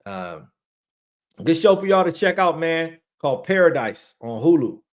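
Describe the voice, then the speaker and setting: A man rants loosely to his viewers, rambling and circling back on his own points. His voice sits a little high and cracks upward when he gets excited. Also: normal speed. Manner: excitable, rambling, repeats himself, calls listeners "man". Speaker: online ranter reviewing movies and shows. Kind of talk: casual ranting monologue.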